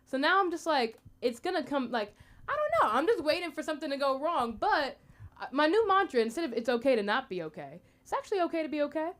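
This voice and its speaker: Young American woman comic, rambling and chatty, high voice with a very lively swing. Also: fast. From United States. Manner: chatty, rambling, lots of fillers. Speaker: open mic comedian. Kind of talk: stand-up comedy.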